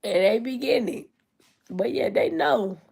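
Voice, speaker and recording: Young woman vlogger, home room, gravelly fry, loose reflective chat. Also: a little high, lively intonation, a little slow, a little mellow. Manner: reflective, loose and conversational, many fillers. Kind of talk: casual talk to camera. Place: her grandmother's room at home.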